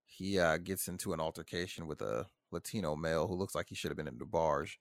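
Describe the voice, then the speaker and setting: A man's voice: low voice, quick pace, creaky, dry recording, studio quality. A man co-hosting a podcast, cracking jokes about a movie with lots of hesitations. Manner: wisecracking, hesitant, full of filler sounds. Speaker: podcast co-host. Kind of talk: casual chat about a movie.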